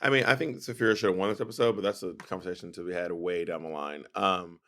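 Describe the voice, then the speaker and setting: Male co-host, lowish voice, chatty and opinionated, acts out quotes. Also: fairly even intonation, fast, fairly bright tone. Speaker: podcast co-host. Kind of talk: casual chat.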